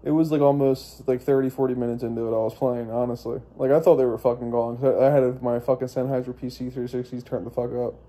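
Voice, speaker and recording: A man's voice: mid-range voice, level tone, fast talker, hardly any pauses, mellow. A young man telling a personal story in a rambling, profane monologue, full of fillers and restarts. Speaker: vlogger.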